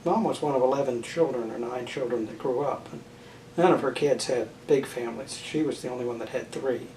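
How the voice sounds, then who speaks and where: An older man being interviewed about his family's views on marriage and children, speaking thoughtfully with frequent pauses, fillers and restarts. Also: medium pitch, darkish tone. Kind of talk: oral history interview. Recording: roomy, distant mic with faint noise.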